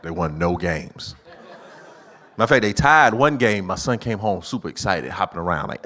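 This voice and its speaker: A middle-aged man performing stand-up comedy, telling family stories and acting out his own lines in a higher voice. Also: lively intonation, normal speed, pauses often, sharp tone. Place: church auditorium with live audience.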